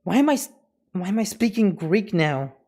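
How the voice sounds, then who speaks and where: A man livestreams in a high-sitting, slightly mellow voice with big swings in pitch, talking at normal speed. He chats casually, swears a lot, cracks jokes, and slips into mock foreign phrases, laughing often between lines.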